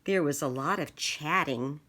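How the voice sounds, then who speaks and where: A woman reads a picture book aloud, slow and lively in pitch. Her voice sits low, yet its tone is bright. She acts out sound effects as she goes. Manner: expressive, with spoken sound effects. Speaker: storybook reader.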